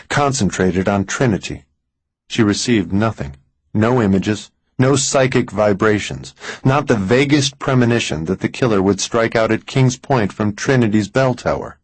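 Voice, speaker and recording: A man narrating a suspense audiobook in a measured way, slowing down for tense moments. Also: fairly low pitch, no room sound, rough recording. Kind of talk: scripted narration.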